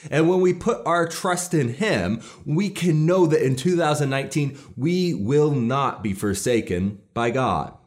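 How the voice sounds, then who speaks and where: A man's voice: fairly high pitch, animated, a little slow, hardly any pauses. Earnest man preaching a sermon. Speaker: pastor.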